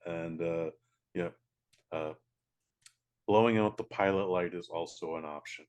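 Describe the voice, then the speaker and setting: A man's voice: low-pitched, fairly even intonation, a little slow, a little mellow. A man, co-hosting a casual podcast, making blunt, sweary, sardonic remarks. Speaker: podcast co-host.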